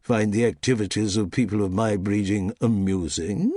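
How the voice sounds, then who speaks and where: A man's voice: on the low side, steady tone, normal speed, dark tone, no room sound, studio quality, lightly acted. A man voicing an imperious elderly aristocratic duchess, haughty and pompous in her clipped speech.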